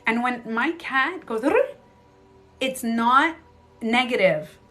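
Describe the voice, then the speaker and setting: A woman's voice: a little high, lively intonation, slow pace, pushed and bright, soft background music. A woman casually telling a story on a livestream from a bedroom at home. She uses many fillers and acts out reactions as she talks. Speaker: live streamer and beauty coach.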